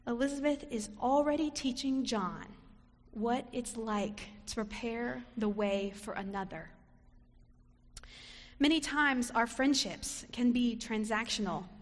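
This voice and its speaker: Slow and on the high side, a woman delivers a reflective sermon in a church sanctuary, now and then dramatizing short quotations. The space gives a long reverb.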